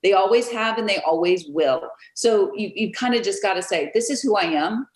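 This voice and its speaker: A woman realtor, a guest on an interview, telling stories in a lively casual way and acting out what others said, over a video call. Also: mid-range voice, moderate pace, reverberant, poor audio. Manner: animated, storytelling, acts out quotes.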